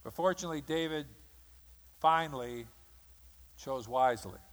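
A man preaches a sermon in a fairly high voice. He tells the story with drama and acts out the lines of the people in it. His voice rings out in a hall with long reverb. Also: moderate pace, fairly bright tone. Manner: dramatic storytelling, acting out quotes. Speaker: pastor.

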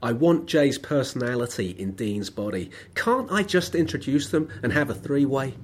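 A man voicing a loud, camp young man gossiping on his phone on a bus. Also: mid-range voice, very animated, normal speed, slightly rough, pitched above the performer's own voice. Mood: gossipy.

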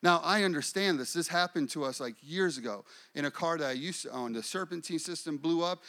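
A man's voice: on the high side, brisk, bright, forceful tone. A man preaching a sermon, repeating phrases and telling a personal story. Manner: repetitive, declaring, testimony-telling. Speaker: pastor.

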